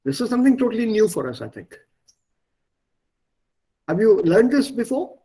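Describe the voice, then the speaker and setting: Husky man teaching German. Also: sits high, very animated, normal speed, dark tone, rough recording. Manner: explains patiently, repeats words and stresses for learners. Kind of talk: online language lesson.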